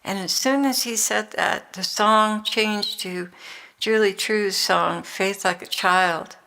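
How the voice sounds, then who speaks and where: An older woman narrates a devotional reading earnestly and from the heart. Her voice is bright and slightly gravelly. She speaks slowly. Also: mid-range voice, fairly even intonation.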